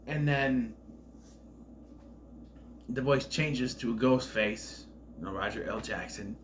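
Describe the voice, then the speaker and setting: A man giving a casual spoiler review of a film, retelling scenes in an animated, profane way. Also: medium pitch, slow, long pauses, slight background noise.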